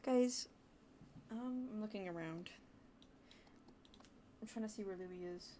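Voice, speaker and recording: A young woman chats loosely while streaming a game, rambling to her viewers and gushing over what she finds. Her voice sits at a middling pitch for a woman. Soft keyboard typing ticks faintly behind her. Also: measured pace, a little hiss or hum. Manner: chatty, rambling, talks to chat, gushes with excited gasps. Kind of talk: casual livestream commentary.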